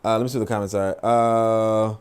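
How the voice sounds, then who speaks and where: A podcast host with a lowish, level, brisk voice that sounds darkish and smooth rants through casual commentary. He reacts to posts with profanity and rambles with lots of fillers.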